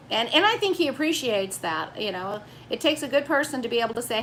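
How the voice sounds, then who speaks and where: Middle-aged woman, live-stream host, emphatic and emotional, bright voice, faint background noise. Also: on the high side, big pitch swings, fast, few pauses, low-quality recording. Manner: emotional, emphatic, repeats words for stress. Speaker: vlog host reading live chat. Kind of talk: casual live-stream chat.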